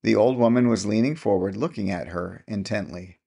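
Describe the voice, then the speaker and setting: A male narrator reads a classic short story in a measured, unhurried storytelling manner. His voice sits low and has a gravelly, fry-touched texture. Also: warm tone. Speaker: audiobook narrator. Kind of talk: scripted narration.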